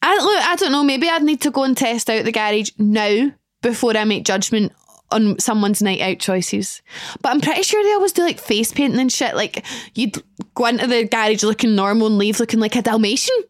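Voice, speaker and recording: Young Scottish female podcast host, chatty and self-mocking, slightly high pitch, dry mic. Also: expressive, a little fast, dry recording. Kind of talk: casual solo chat.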